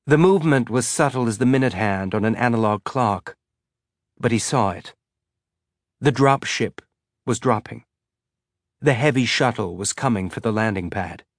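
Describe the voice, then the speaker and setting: This clip is scripted narration: a man reads a story aloud as an audiobook narrator, measured and even. His pitch is medium, and the studio sound is clean with no echo.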